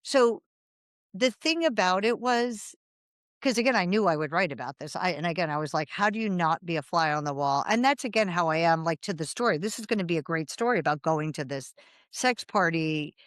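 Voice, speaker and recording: A woman's voice: fairly low pitch, expressive, brisk, no room sound, clean studio sound. A woman in her fifties, a writer, telling a long, rambling anecdote in a casual interview, acting out quoted dialogue and laughing along the way. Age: 50s. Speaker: guest, writer.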